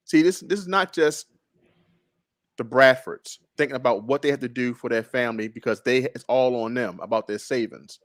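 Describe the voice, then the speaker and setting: A man discussing a book chapter in a casual group talk, animated and laughing, repeating phrases. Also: medium pitch, normal speed, dry recording, studio quality. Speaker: book club member.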